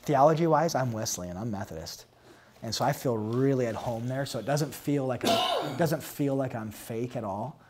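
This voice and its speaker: A man's voice: medium pitch, normal speed, slightly rough. A man in his thirties talks openly about his church work. He tells stories in bursts and acts out each side of the conversations. His voice sits in the middle range. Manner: animated storytelling, acts out dialogue. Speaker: pastor. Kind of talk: candid interview answer.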